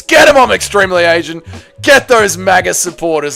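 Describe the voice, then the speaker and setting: A man's voice: a little high, big pitch swings, fairly quick, vocal fry, bright, forceful tone, soft background music. A man hosting a casual livestream, reading viewer messages aloud with loose banter and muttering to himself while he works the computer. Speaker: livestream host.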